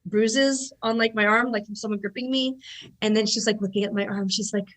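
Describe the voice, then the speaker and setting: A woman in her thirties, a guest telling stories in a chatty, animated way, full of "like" fillers. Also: mid-range voice, brisk, rough recording. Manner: animated, lots of "like" fillers, acts out quotes. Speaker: guest, jiu-jitsu black belt. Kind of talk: casual storytelling interview.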